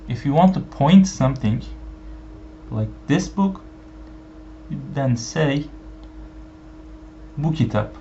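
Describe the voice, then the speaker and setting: A man whose first language is Turkish gives an online language lesson, speaking slowly with many fillers and repeating each example phrase. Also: medium pitch, expressive, dark tone. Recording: dull lo-fi sound with faint background hiss.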